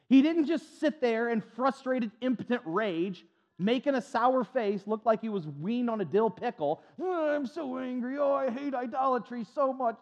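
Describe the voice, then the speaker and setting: A male pastor preaching with a high, animated voice that climbs and dips freely. He hammers his points with repetition, folksy jokes and stammered restarts. The sound is dull and lo-fi, with a long hall reverb. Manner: emphatic and repetitive, stutters on restarts, folksy humor. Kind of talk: sermon.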